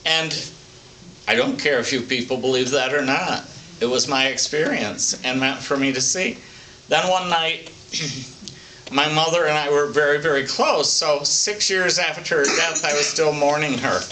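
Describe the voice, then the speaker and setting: An older man speaking as a psychic medium, telling stories from his life in a plainspoken, folksy, unhurried way for an oral history. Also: fairly high pitch, pushed and bright. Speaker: psychic medium recounting readings. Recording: distant mic with faint background hiss.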